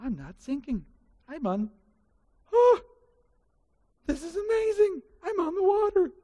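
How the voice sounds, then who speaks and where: A man voicing an excitable, panicky fisherman disciple with breathless exclamations. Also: extremely high pitch, measured pace, voice pushed up. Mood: awed to alarmed.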